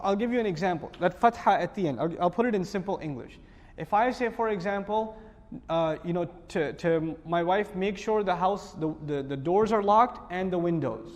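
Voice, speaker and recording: High-voiced man lecturing in a reverberant hall. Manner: explains with rhetorical questions and Arabic recitation. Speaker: Quran teacher. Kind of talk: Quran commentary lecture.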